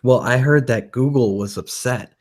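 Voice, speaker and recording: A man's voice: medium pitch, moderate pace. A man from Michigan with a Michigan accent, a guest in a casual chat, laughing often and hedging with fillers. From Michigan, USA.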